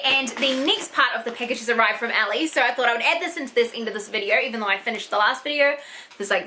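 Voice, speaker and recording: A young woman in an unboxing vlog, gushing and excitable, swearing often as she opens gifts. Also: a little high, noisy background. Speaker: YouTuber.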